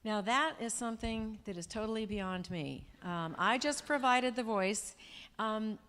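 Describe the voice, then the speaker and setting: A woman in her sixties, a guest speaker at a Q&A in a large event hall, tells chatty, warm stories to the audience and laughs along the way. Her voice is on the high side and a little slow, and the live room adds hall reverb.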